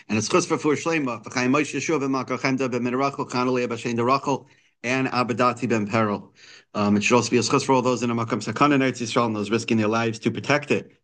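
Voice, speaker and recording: A man's voice: medium pitch, quick pace, fairly bright tone. A man giving a daily Torah text lesson, reading lines and explaining them in English frequent restarts and fillers. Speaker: Torah teacher.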